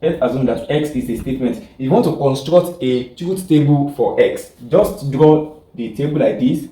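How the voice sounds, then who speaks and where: A man's voice: mid-range voice, moderate pace, dark tone. A man teaching a class, often checking whether the students follow and repeating his points. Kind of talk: classroom lecture. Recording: echoey room, far from the mic.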